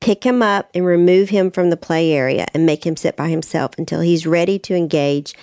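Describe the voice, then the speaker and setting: A middle-aged woman, hosting a parenting podcast and giving casual advice through animated stories. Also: fairly low pitch, a little fast, dry recording, studio quality. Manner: warm storytelling, animated, acts out quotes. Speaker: parenting podcast host, expert.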